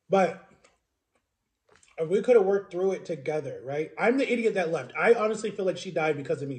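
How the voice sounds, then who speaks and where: This is a man in his thirties, sharing his personal history on a vlog. His voice sits somewhat high but sounds soft and mellow. He talks in a rambling, earnest, emotional way, and keeps checking in with a quick "right?". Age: 30s. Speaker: vlogger. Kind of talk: personal storytelling to camera.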